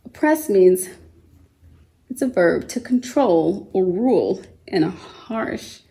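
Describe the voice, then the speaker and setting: A woman teaching a kindergarten vocabulary lesson at home, speaking slowly and patiently, spelling words out letter by letter and asking the children gentle questions. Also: medium pitch, lively intonation, gravelly, rough recording. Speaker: homeschool teacher.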